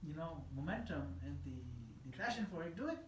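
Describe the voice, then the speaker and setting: A man giving a scripture class in a temple hall, animated and emphatic, laughing at his own examples. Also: a little high, brisk, slight background noise. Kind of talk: scripture class lecture answering questions. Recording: echoey hall with faint ambience.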